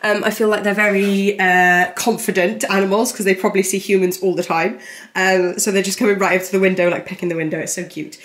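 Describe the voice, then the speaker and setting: A woman's voice: mid-range voice, level tone, fairly quick, fairly bright tone. A young woman chatting casually to camera in a holiday lodge, bubbly and full of fillers. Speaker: vlogger. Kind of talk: casual vlog chat.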